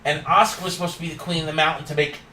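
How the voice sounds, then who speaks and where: A man's voice: fairly high pitch, little pitch movement, very fast, pushed and bright, echoey room, far from the mic, low-quality recording. A man hosting a casual wrestling recap, opinionated and ranting with frequent laughs. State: yawning and tired.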